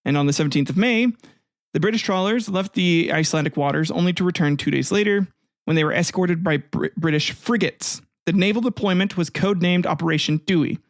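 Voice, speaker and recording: A man's voice: high voice, a little fast, no echo, studio quality. Profane, irreverent man hosting a history podcast. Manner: profane, irreverent, laughs often. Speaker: podcast host. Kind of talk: comedic history podcast narration.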